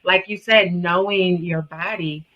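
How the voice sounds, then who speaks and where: Bright-voiced woman hosting an interview. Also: on the low side, steady tone, measured pace, highs cut off. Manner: earnest, emphatic, peppered with "like". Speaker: podcast host. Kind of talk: conversational interview.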